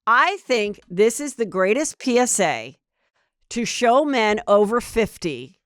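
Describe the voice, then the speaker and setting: A podcast host with a fairly high, very animated voice chats in a blunt, gossipy way, full of fillers, while taking it slowly. The recording is studio quality, with no room sound.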